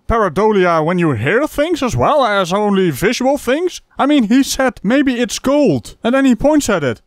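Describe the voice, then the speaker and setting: A man's voice: high voice, dry recording, studio quality. A man hosting a comedic reaction commentary, mocking what he watches with sarcastic asides. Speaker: host reacting to a video.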